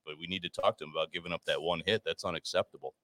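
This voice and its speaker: A man co-hosting a casual sports and trading card podcast, joking in a deadpan way. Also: deep voice, rapid-fire, no echo. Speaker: podcast co-host.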